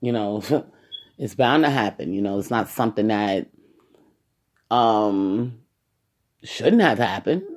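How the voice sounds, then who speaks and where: A woman's voice: extremely low pitch, animated, slow pace, pauses often, a little mellow. A woman with a New York accent, an activist giving a casual, rambling podcast monologue and often saying "you know".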